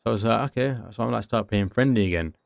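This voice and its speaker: A young man with a British accent talks casually to his livestream, slangy and quick to react. His voice sits on the low side. The sound is dry and close, with no room around it. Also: creaky, no echo. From United Kingdom. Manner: slangy, chatty, lively reactions.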